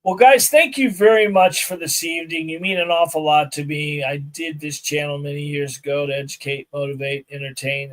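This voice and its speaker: A firearms instructor hosts a casual live podcast from an outdoor range, speaking straight to his viewers. His voice sits a bit higher than most men's, and he tells his stories with energy, playing every part in the conversations he retells. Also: low-quality recording. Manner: animated storytelling, acts out both sides of conversations. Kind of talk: casual live-stream chat.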